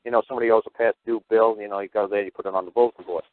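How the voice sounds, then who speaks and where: Brief: rapid, salty male radio host, animated storyteller, thin phone-quality audio. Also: lowish voice, no echo. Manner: blunt, profane, animated storyteller. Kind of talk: call-in radio talk, storytelling.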